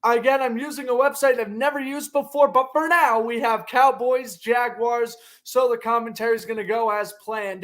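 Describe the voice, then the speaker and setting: A man giving solo play-by-play commentary on a football game as an amateur commentator, talking fast and chatty and rising to shouts on big plays. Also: very high voice, steady tone. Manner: fast, chatty, vents frustration.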